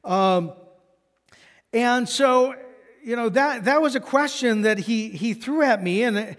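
A man's voice: very high-pitched, a little slow, fairly bright tone, long reverb tail. A man preaching a sermon as a pastor, telling stories in a conversational, self-deprecating way.

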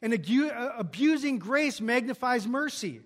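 A man's voice: very high voice, expressive, normal speed, a bit bright. A pastor preaching an earnest expository sermon, often restarting and repeating words as he works through a passage.

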